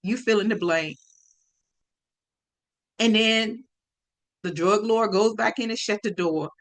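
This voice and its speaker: A woman telling a personal story on her podcast, lively and speaking straight to her listeners. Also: mid-range voice, slow pace. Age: adult.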